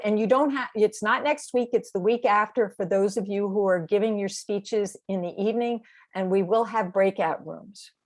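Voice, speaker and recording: A woman directing a speech training course over a video call, explaining assignments in an encouraging, step-by-step way. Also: medium pitch. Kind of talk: online training session.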